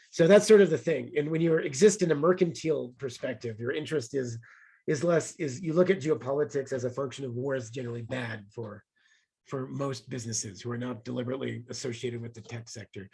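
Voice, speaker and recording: Husky, eager man explaining economics. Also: mid-range voice, a little fast, mellow. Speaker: economics panelist. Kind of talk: webinar discussion.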